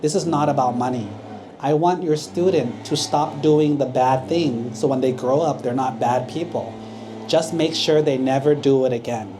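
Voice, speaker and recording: A monk voicing an old woman who is upset that her food was stolen, speaking slowly and indignantly in a children's story. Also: background noise, natural voice. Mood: stern. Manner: shrill, slow indignant complaining.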